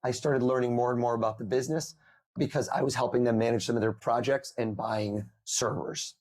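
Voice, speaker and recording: A man on a podcast interview, telling lively stories and acting out the people he quotes. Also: mid-range voice, a little fast. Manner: animated storyteller, acts out quoted voices. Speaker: podcast guest, mentalist. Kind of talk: conversational storytelling. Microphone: remote call.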